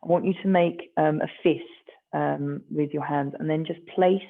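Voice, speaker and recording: A stretching instructor, guiding a class gently and encouragingly, with light self-mocking asides. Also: mid-range voice, steady tone, moderate pace, vocal fry. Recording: tinny phone-like sound.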